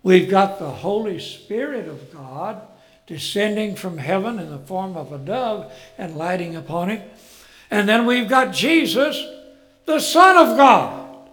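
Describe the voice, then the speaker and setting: A man preaching a folksy Bible sermon, telling the story with rhetorical questions and chuckles, and swelling loud on key phrases. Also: high voice, animated, a little slow, faint music behind.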